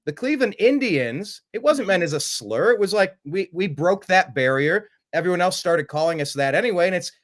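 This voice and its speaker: A man hosting a casual sports chat, animated and quick to mimic other voices in his stories. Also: high voice. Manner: animated, jumps into mocking voices. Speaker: host.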